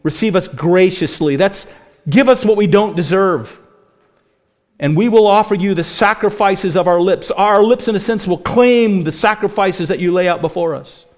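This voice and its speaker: A high-pitched man delivering a sermon as a pastor. He preaches with passion, surging loud on quoted lines, then sinking to a hushed, low voice for words of mercy. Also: normal speed. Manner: impassioned preaching, rising to near shouts on quoted lines; drops to a low, soft voice for God's promises.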